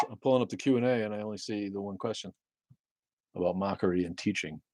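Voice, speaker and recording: A man in his fifties with a very low, deep voice, hosting a casual livestream. He rants and rambles, swears freely and often restarts his sentences. The sound is dry and close, with no room around it. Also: fast talker, pushed and bright, no room sound. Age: 50s. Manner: profane, rambling, with many restarts. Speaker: livestream host. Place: home in Maine.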